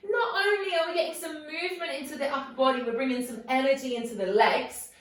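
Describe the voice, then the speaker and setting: A woman's voice: sits high, fairly bright tone. A woman guiding a yoga class, encouraging and playful, asking coaxing questions. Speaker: yoga instructor. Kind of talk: guided yoga class instruction. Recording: very echoey room, voice from a distance.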